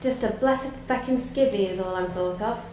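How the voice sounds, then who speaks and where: A woman playing a bitter, sarcastic middle-aged daughter who speaks in a scornful, sharp-tongued, resentful way, in a theatre studio. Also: mid-range voice, normal speed, roomy sound, a little hiss or hum, close to an everyday voice, low-quality recording.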